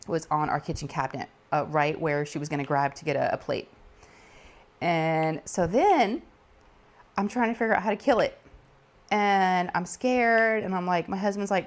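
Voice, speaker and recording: Animated woman telling a story. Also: mid-range voice. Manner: animated, laughing, acts out quoted voices. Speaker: diamond painting channel host. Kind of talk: casual chatty storytelling. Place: home craft table.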